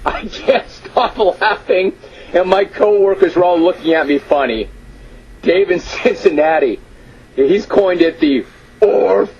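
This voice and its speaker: A man's voice: sits high, darkish tone, highs cut off, slight background noise. Man hosting a radio sports talk show. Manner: amused, incredulous, drawn-out emphasis. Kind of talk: radio talk show, reading listener emails. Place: radio studio.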